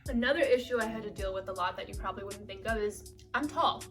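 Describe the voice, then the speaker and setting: A woman's voice: mid-range voice, quick pace. A young adult woman, an actress and vlogger, telling a story in a candid, matter-of-fact way. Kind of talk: casual storytime. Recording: voice a bit far from mic, faint music.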